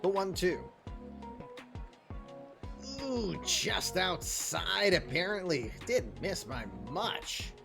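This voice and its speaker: Male play-by-play baseball caller, slightly high voice, casual and jokey, quiet music underneath. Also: sing-song, extremely slow, vocal fry, long pauses. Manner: chatty, joking asides between plays. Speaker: play-by-play announcer. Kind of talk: casual solo baseball commentary.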